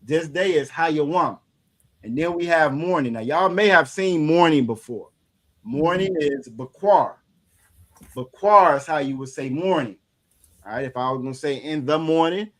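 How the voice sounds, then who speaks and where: Man, slightly high voice, casual language lesson, repetitive, many fillers. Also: a bit bright. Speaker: Hebrew language teacher.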